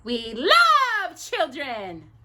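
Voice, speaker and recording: A woman's voice: high-pitched, wildly swooping pitch, very slow, bright, forceful tone, pitched above the performer's own voice, full character voice. A woman voicing a hungry witch sister who sniffs out children, sly and relishing her words. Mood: gleeful menace.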